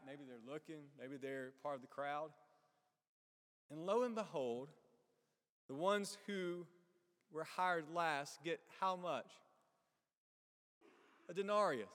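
Pastor preaching in an echoing hall. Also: male voice, a little high, fairly bright tone. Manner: asks the congregation questions and acts out characters. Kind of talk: sermon.

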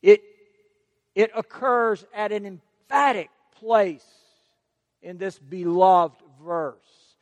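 A man's voice: high-pitched, extremely slow, pauses often, no room sound, in a large hall. A man preaching a sermon, emphatic and stressing key words by repeating them.

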